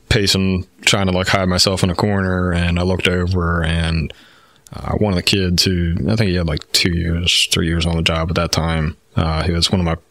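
A deep, low-pitched man talks frankly and at length, with plenty of fillers and the odd curse. The sound is dry and close, with no room around it. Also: fairly bright tone, no room sound. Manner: rambling, frank, swears often, many fillers. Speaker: podcast guest, firefighter. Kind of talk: candid storytelling.

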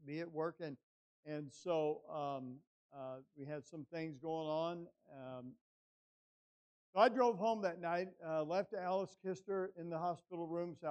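An older male guest pastor telling a personal story in a church sermon, halting with many restarts before building to emphatic preaching. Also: on the high side, highs cut off. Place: church sanctuary.

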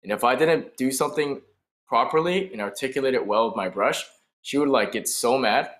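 Man, interview guest, casual, enthusiastic, slangy, mid-pitched voice. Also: a little fast, fairly bright tone. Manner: casual and enthusiastic, says "brother" and "like". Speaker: guest, painter.

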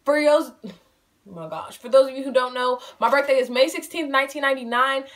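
Sitting high and moving fairly quickly, the eighteen-year-old's voice has a fairly bright tone. In her casual at-home Q&A vlog she's bubbly and chatty, playfully teases herself, and calls her viewers "y'all."

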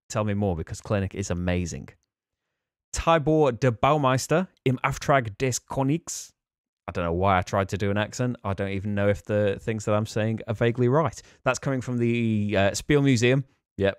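An eager man rattles through his picks in a casual, rambling monologue, often breaking into a small laugh. His voice sits at an ordinary middle pitch for a man. The sound is dry and close, with no room echo. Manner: enthusiastic, quick, with fillers and laughs. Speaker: board game channel host.

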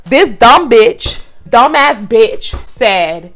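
Young woman vlogger, high-pitched, brash and profane, casual storytime delivery. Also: takes it slowly, few pauses. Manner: profane, animated and sassy; styling her hair while talking. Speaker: vlogger, former makeup store worker.

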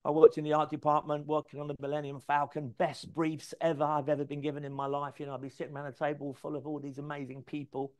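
A man tells stories from his working life, animated and unfiltered, swearing freely as he acts out bits of dialogue. His voice sits a touch high for a man. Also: fast, hardly any pauses. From London, England. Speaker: speaker telling career stories. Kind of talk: anecdotal storytelling talk.

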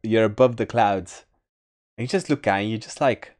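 A man's voice: on the low side, fairly quick. A man hosting a reaction video, exclaiming and rambling in casual commentary. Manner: excitable, rambling, exclaims often.

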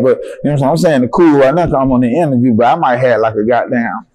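Animated young man from Atlanta. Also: mid-range voice, fast, hardly any pauses. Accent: Atlanta Southern. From Atlanta, Georgia. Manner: animated, profane storytelling with acted-out dialogue. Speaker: interview guest. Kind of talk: casual storytelling interview.

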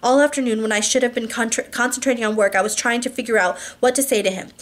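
A woman reads a first-person novel aloud, slowing down for emphasis, tossing in small asides, and correcting words she trips over. Her pitch is fairly high and her intonation fairly even.

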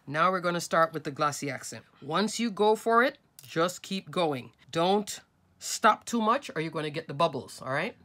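A woman's voice: lowish voice, fairly bright tone, a little hiss or hum. A woman hosting a craft tutorial, talking casually and instructively while she works step by step with her hands. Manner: chatty, instructive, talks while working with hands.

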